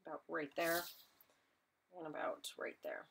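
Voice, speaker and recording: A woman's voice: sits low, very animated, unhurried, gravelly, a bit bright, a little hiss or hum. Chatty woman teaching a live craft class. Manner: chatty, self-deprecating, talks to viewers while working. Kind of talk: live online craft demonstration.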